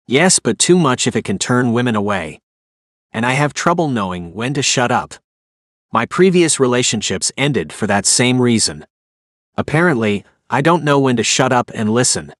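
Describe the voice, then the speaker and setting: A man voicing a charming, talkative gentleman from London, with a British accent, in an audiobook. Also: medium pitch, lively intonation, moderate pace, no echo, studio quality, natural voice. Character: chatty charming London gentleman, talks too much.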